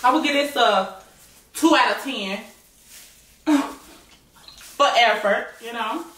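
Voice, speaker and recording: A woman vlogger chatting casually while she eats, slangy and animated, often repeating herself. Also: fairly high pitch, slow pace. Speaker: mukbang and reaction vlogger. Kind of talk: casual chat while eating. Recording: echoey room, mic at a distance, faint noise.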